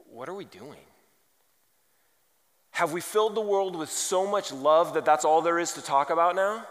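A man preaching a sermon, telling funny stories and building to loud, emphatic points. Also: a little high. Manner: animated, humorous, rising to loud emphasis. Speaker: pastor. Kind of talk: sermon with storytelling. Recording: reverberant large hall.

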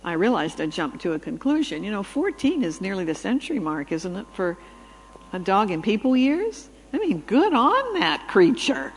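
Woman, lively storyteller, talk to an audience, acts out dialogue, long hall reverb. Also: medium pitch, normal speed, slight background noise. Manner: animated storytelling, acting out quoted dialogue. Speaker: speaker on brain research.

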